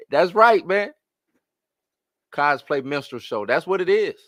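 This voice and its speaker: Live-stream host, man, bright high voice, exasperated rhetorical rant, dry close sound. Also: a little slow, long pauses, dry recording. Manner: animated, rhetorical questions, exasperated. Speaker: host of a live movie-news show. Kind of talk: casual live-stream commentary.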